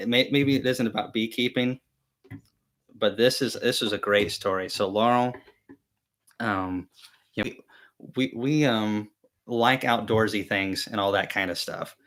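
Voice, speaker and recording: A man's voice: fairly low pitch, moderate pace, a bit bright. A young man hosting a casual beekeeping live chat, telling rambling, self-deprecating stories with many fillers and restarts. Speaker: beekeeping channel host.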